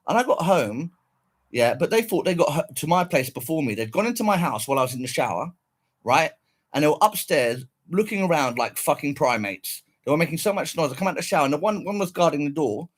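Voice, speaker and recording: A man angrily recounting a run-in with police, swearing constantly and repeating himself. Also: mid-range voice. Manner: swearing, bitter, repetitive. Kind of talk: angry personal rant.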